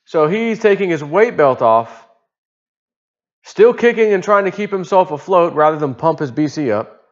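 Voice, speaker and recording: A man's voice: a little high, expressive, normal speed. Rambling man telling a story, lo-fi sound. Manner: rambling, chuckling, casual swearing. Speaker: vlogger. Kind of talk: casual storytelling monologue.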